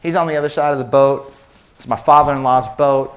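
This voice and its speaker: A man giving an animated, storytelling sermon talk, often repeating words as he starts sentences. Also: medium pitch, fairly quick. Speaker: speaker at a faith session.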